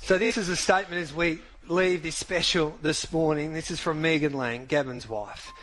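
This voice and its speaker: A man's voice: a little high, fairly even intonation, normal speed, fairly bright tone. A male radio host thanking a guest and reading out a statement. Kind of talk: radio show hosting.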